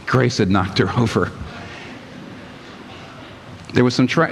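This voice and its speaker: A man preaching a sermon as pastor, lively and emphatic, reading passages aloud. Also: medium pitch, slow, creaky, long pauses, in a large hall, a little hiss or hum.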